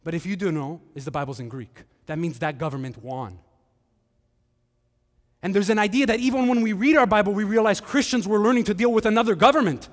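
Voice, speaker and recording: A man preaching a sermon as pastor, animated, with joking asides and acted-out quotes. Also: high voice, a little fast, in a large hall.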